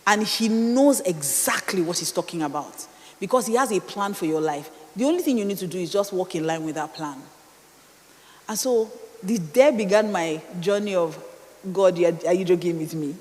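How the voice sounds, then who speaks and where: Animated Nigerian woman preaching in a hall. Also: mid-range voice, moderate pace. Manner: animated, dramatic, with rhetorical questions. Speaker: speaker. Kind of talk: sermon-style storytelling. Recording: reverberant hall.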